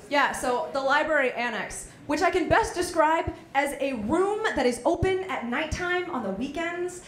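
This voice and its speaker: Young female stand-up comic, college venue, animated storyteller, boomy room. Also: crowd noise. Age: young adult. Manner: animated storytelling with quick voiced asides. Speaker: stand-up comedian. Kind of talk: stand-up comedy set. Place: small college comedy venue. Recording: echoey room with faint noise.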